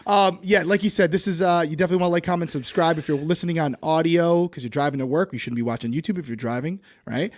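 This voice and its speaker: A man in his thirties hosting a podcast, chatting in a relaxed, joking way and reading a sponsor spot. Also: on the high side, fast talker, few pauses. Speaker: podcast host. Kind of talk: casual podcast chat with sponsor read.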